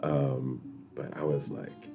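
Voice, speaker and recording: A man from New York, hosting a weekly chat and telling a story to viewers in a lively, laughing way. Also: a bass voice, takes it slowly, creaky, soft background music. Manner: animated, laughing, talks straight to viewers.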